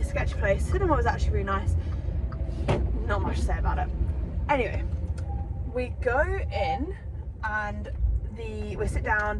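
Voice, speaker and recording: A young woman vlogging from her car, rambling chattily and swearing casually. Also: mid-range voice. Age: young adult. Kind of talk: casual vlog chat. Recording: noisy car interior. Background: car and road noise.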